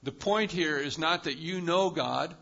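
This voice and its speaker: A male pastor preaching a sermon with emphatic delivery, swinging between loud, high-pitched bursts and quiet, low drops. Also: unhurried, gravelly, lo-fi sound. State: lives with chronic pain.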